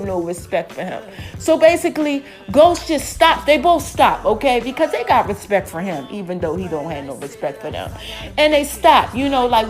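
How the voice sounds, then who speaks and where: A woman podcast host, recapping a TV episode in an animated, chatty way, calling her listeners y'all and acting out the characters' lines. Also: high voice. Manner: animated, addresses listeners as y'all, acts out quotes.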